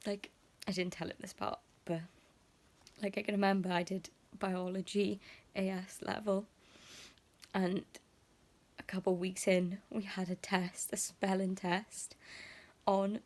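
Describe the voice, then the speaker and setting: Creaky-voiced young woman vlogging. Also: mid-range voice, level tone, measured pace, darkish tone. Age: young adult. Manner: emotional, rambling, full of "like" fillers; drops into half-whispered asides. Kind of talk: casual confessional vlog.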